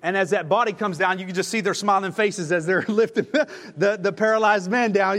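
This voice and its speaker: High-voiced preacher in a reverberant church hall. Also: male voice, moderate pace. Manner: animated storyteller, many "uh" fillers and restarts. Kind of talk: storytelling sermon.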